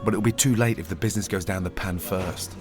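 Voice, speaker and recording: A man's voice: deep voice, quick pace. Dry male voice-over. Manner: dry, wry. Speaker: narrator. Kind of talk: scripted voice-over narration. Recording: loud music bed under narration.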